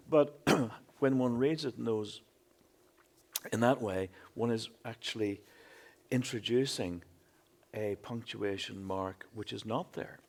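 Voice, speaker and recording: A man speaking as a poet on a literary panel, deliberate and measured in his phrasing. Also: lowish voice, creaky. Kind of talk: panel discussion.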